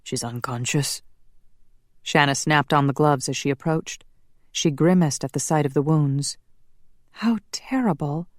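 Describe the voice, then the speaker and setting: Low-voiced woman narrating an audiobook. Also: level tone, normal speed, dry recording, studio quality.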